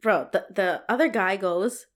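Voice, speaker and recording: A woman's voice: mid-range voice, unhurried. A young woman telling a story in casual chat, swearing, laughing often and acting out what she said at the time. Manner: animated, swears a lot, laughs often, acts out her own past lines.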